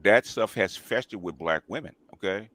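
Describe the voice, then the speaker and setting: A male host speaks in a casual talk show manner with a deep, low voice. He makes his points emphatically and keeps pausing to check in with his listeners. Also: a bit bright, dry recording. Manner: emphatic, repeats "okay?" and "right?".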